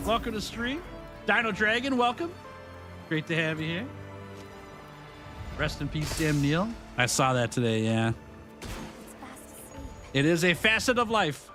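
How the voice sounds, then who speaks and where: Game music plays behind a young streamer whose fairly high voice is very animated, though he speaks a little slowly with long pauses. He chats casually and cheerfully with his audience, laughing frequently and greeting people by name.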